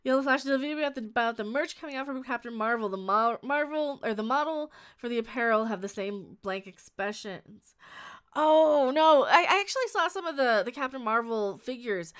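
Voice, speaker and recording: A woman's voice: fairly high pitch, lively intonation, a little fast, fairly bright tone, clear, resonant tone. A woman chatting casually on a live stream, reading viewer comments and giving blunt opinions, rambling with frequent restarts and laughs.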